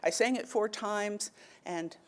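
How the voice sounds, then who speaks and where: A woman's voice: medium pitch, slow pace, pitched above the performer's own voice, lightly acted. A woman voicing a blind male trickster coyote in a told story, whining and feeling sorry for himself. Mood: whiny. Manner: whining, complaining.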